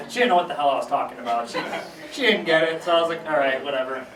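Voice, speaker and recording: A young man doing a stand-up comedy set on a small theater stage, talking casually with deadpan asides and acting out his family's voices. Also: a little high, fast talker, noisy background. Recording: echoey room recorded from far off.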